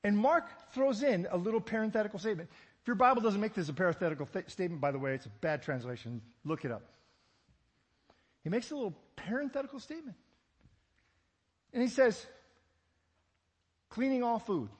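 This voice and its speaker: Male pastor, sermon, fairly high and husky, joking asides, big echoing hall. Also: fast talker, pauses often. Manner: animated, rhetorical questions, joking asides.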